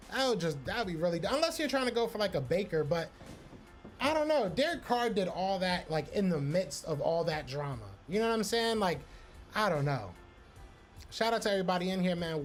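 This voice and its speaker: A man hosting a live podcast stream, casually reacting to chat and repeating himself. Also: fairly high pitch. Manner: loose, repetitive, talks to chat by name.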